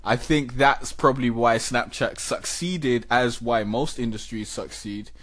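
A man hosting a casual podcast, talking in an animated, chatty way and laughing often. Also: medium pitch, a little slow. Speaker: podcast host.

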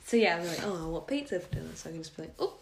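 A young woman co-hosting a podcast in casual chat, playful and quick to laugh. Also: on the low side, expressive, noisy background. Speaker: podcast co-host.

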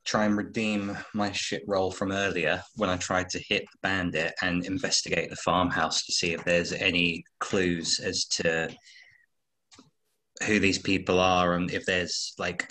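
A man at a tabletop game asks plain, direct questions. His voice is very deep, yet his tone is bright and forceful. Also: level tone, moderate pace, rough recording. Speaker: player. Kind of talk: casual game chat.

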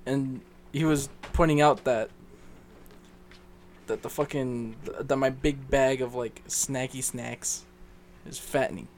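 A young man co-hosting a casual podcast, telling a story with lots of swearing and high squeaky jumps when he quotes people. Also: slow pace, slight background noise. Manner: swearing, animated, leaps to a squeaky pitch when quoting others. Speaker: podcast co-host.

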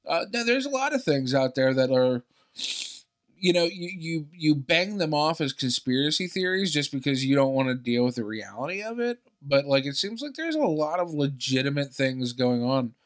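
A man in casual chat who tells animated anecdotes with blunt profanity and quick asides. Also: fairly high pitch.

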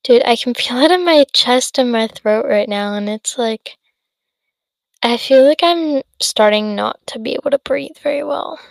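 Her voice a little high and creaky, an eighteen-year-old woman talks at normal speed on her own podcast, recorded without echo. The chat is casual and rambling, packed with fillers and cut-off thoughts, and she sounds sleepy, yawning along the way.

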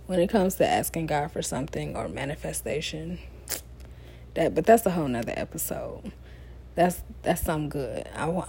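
A woman's voice: sits low, slightly rough. A young woman hosting a casual solo advice podcast, sassy and conversational, tired late at night. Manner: sassy, conversational, animated asides. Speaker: podcast host.

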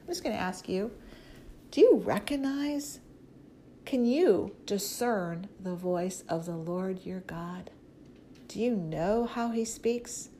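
A woman's voice: mid-range voice, expressive, slow, dark tone, a little hiss or hum. A woman preacher with an ordinary mid-range voice teaching from the Bible in a loose, conversational way. She talks straight to her listeners and presses her points with emphasis, leaning in on what she repeats. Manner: emphatic, direct address to listeners.

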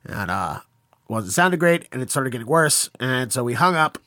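A man hosts a podcast in loose, casual conversation. He rambles and apologizes, sounding self-conscious about his setup, with a dry, close sound and a middle pitch. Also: sing-song, moderate pace, bright, forceful tone, dry recording. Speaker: podcast host. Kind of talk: casual interview chat.

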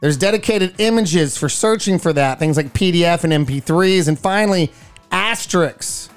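A man's voice: high voice, moderate pace, clean tone, soft background music. Male morning radio co-host, playful, telling stories in jokey banter. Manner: jokey, bursts into silly put-on voices.

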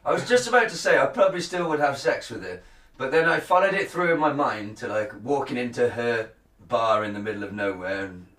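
A man co-hosting a casual chat, sweary and animated when telling stories, recorded in a roomy space from some distance. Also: medium pitch, brisk. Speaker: podcast co-host. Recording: roomy, far from the mic.

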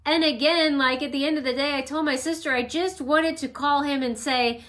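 A woman's voice: high voice, fairly even intonation, moderate pace, a bit bright. A woman hosting an emotional wellness talk at home, teaching in a rambling, reflective, conversational way with personal stories. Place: at home with her dog nearby.

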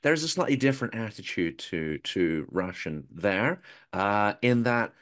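A man's voice: fairly low pitch, lively intonation, unhurried, fairly bright tone. A man hosting an interview, speaking thoughtfully with fillers and repeated words. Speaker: interview host, YouTuber. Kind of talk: conversational interview.

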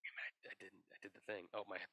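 Hombre de voz grave contando disparates. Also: male voice, sits low, flat delivery, a little fast, noisy background. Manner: rambling, spins absurd tall tales with a straight face. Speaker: podcast co-host. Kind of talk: casual comedic chat.

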